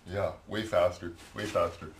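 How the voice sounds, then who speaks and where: A man's voice: low-pitched, fairly even intonation, normal speed, vocal fry, heavy background noise. A middle-aged Canadian man with a Canadian accent, telling a rambling, chatty story while painting at home, tagging his lines with "eh". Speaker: hobby painter and video maker.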